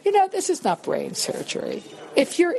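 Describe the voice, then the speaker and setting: A woman's voice: very high-pitched, normal speed, creaky. Older new york lady, cabaret singer chatting in an interview, emphatic, lots of restarts. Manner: animated storyteller, emphatic, frequent restarts. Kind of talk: conversational interview, anecdotes.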